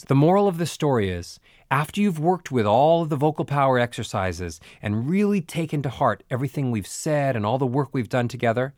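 A man's voice: medium pitch, darkish tone, no room sound. Earnest man coaching, dry studio voice. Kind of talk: audio lesson narration.

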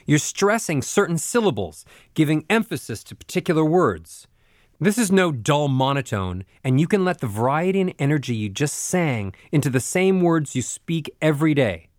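A man's voice: on the high side, animated, moderate pace, no room sound, studio quality. A man teaching voice exercises in an instructional recording, explaining and then demonstrating sung and mimicked examples. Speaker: voice coach. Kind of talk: instructional narration.

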